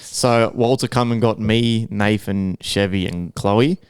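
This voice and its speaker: A man's voice: lowish voice, takes it slowly, clean tone, no echo, clean studio sound. A man with an Australian accent, casually telling a long, profane story on a podcast and acting out what people said. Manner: profane, rambling anecdote full of acted-out quotes. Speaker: podcast co-host.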